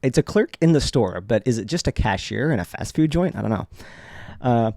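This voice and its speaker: Mellow-voiced man telling a story. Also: medium pitch, lively intonation, brisk, vocal fry, no echo, clean studio sound. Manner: conversational, chuckles often, frequent restarts. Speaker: podcast host. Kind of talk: casual first-person storytelling.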